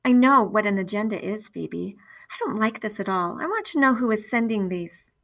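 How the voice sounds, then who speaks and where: A woman's voice: mid-range voice, expressive, moderate pace, fairly bright tone. A woman voicing an anxious, fussy mother in a storybook reading, with a raised, worried, questioning tone.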